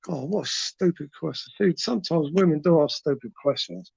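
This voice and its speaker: A man's voice: on the high side, moderate pace, creaky, a little mellow, breathy edge, dry recording. Crude laddish man, lo-fi stream. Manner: crude, laddish banter with viewers. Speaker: livestream host reading chat. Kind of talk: late-night live chat.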